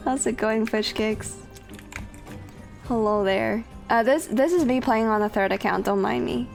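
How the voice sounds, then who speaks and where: A woman's voice: fairly high pitch, slow pace, gravelly, long pauses, faint music behind. A woman streamer chatting casually with her viewers while she plays, swearing freely. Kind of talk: casual gameplay commentary.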